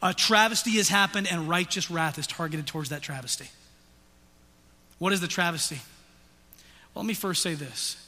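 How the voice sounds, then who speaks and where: A male pastor preaching an intense sermon, swinging from hushed whispers to loud, urgent passages. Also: high-pitched, normal speed, long pauses. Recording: long hall reverb.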